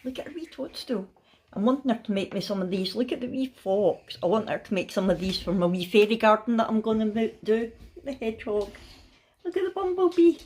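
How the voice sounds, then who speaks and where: A middle-aged woman with a Scottish accent chats in a family vlog from her bed at home. She sounds worn out but relaxed and laughs often. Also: mid-range voice, a little fast. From Scotland. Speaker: family vlogger. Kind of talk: casual chatty vlog.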